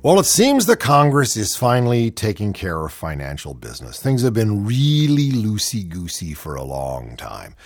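A man's voice: fairly low pitch, huge pitch swings, moderate pace, hardly any pauses, no room sound, clean studio sound, faint music behind. A male radio comedy host giving wry, rambling political commentary. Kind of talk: casual political chat.

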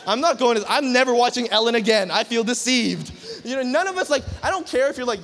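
A young man preaches to a youth crowd in a lively, joking way, breaking into acted-out scenes and sudden shouts. His voice sits high for a man. It echoes with a long reverb through a large hall. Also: fast talker. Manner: animated, joking, acts out movie scenes with shouts. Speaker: youth pastor.

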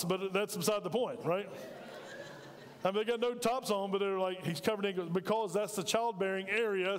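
A man preaching a sermon in a chatty way, full of asides and rhetorical questions. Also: high-pitched. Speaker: pastor. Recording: reverberant hall.

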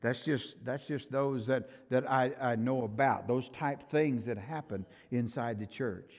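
An older male pastor preaching a sermon, emphatic and swinging from loud to soft, in a church sanctuary. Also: mid-range voice, measured pace. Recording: reverberant church hall.

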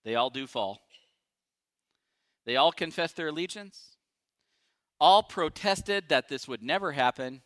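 A male pastor preaching a sermon, emphatic and dramatic, swinging from loud declarations to hushed asides. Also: fairly high pitch, expressive, unhurried, pauses often, no room sound, clean studio sound.

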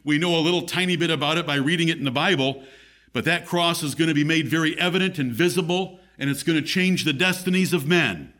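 A man's voice: fairly high pitch, fast, a bit bright. A man preaching a sermon as pastor in a church, emphatic, his voice rising and falling.

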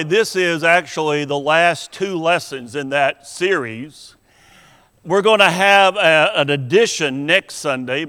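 A man delivers a sermon in an unhurried, storytelling way, leaning on pauses and emphasis. His voice sits high and sounds smooth and resonant with a bright edge. A long reverb trails each phrase, as in a church hall. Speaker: preacher.

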